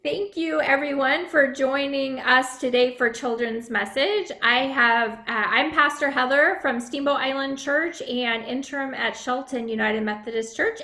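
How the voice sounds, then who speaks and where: Woman pastor, high voice, friendly, questions kids; children's message in an echoey room. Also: sharp tone.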